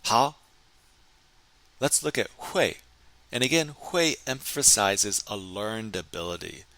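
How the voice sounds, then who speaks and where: A man teaching a recorded Chinese grammar lesson, explaining in English and slowly modeling sentences in Chinese. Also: on the low side, sing-song, sharp tone, a little hiss or hum.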